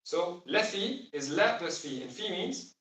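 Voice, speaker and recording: Guy teaching a class, kinda high voice, quizzing students, echoey classroom. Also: animated, unhurried, fairly bright tone. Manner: explains patiently, asks class questions. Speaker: Quran Arabic teacher. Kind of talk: classroom lesson. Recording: roomy sound from far off.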